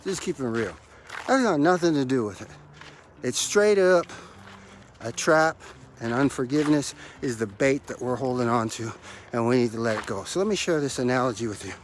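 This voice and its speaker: A man's voice: medium pitch, animated, normal speed, a little hiss or hum. Breathless, emphatic male motivational coach. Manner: emphatic, preachy, repeats key phrases. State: out of breath from running stairs. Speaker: motivational podcast host and life coach. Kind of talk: motivational podcast talk.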